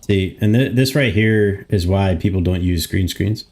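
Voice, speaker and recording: A man's voice: low-pitched, a little slow, a little mellow. A young man live streaming from a room in his home, chatting casually, grumbling to himself and swearing often.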